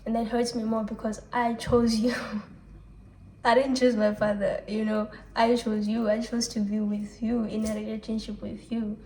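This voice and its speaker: A young woman talking through a personal confessional vlog, reflective and halting, often restarting her sentences and letting out soft sighs. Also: fairly high pitch, little pitch movement, slight background noise. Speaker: vlogger. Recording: echoey room.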